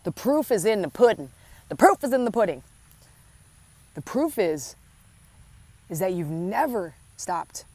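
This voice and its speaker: A woman's voice: mid-range voice, sing-song, a little slow, pauses often, mellow, dry recording. A woman giving an inspirational spiritual talk, speaking earnestly and affectionately to the listener and repeating phrases for emphasis. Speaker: spiritual coach.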